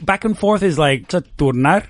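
A man's voice: fairly high pitch, expressive, normal speed, faint music behind. A man teaching English vocabulary in a casual, playful lesson, encouraging his student and laughing often.

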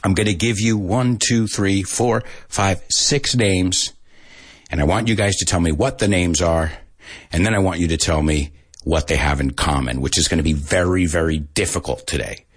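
A man hosting a casual live English lesson, joking and laughing often at himself and spelling out letters slowly. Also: low-pitched, husky, dry recording, clean studio sound. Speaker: live-stream host teaching English.

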